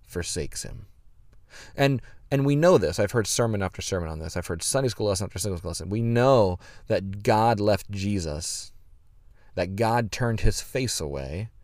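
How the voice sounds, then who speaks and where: A man's voice: on the low side, darkish tone, no room sound, clean studio sound. A man preaching a sermon, explaining scripture earnestly, with frequent fillers and restarts. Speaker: pastor.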